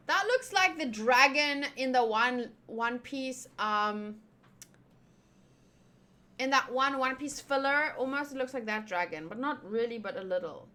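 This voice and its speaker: Woman host, casual readthrough, high animated voice, slow and playful. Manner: chatty, playful asides. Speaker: channel host.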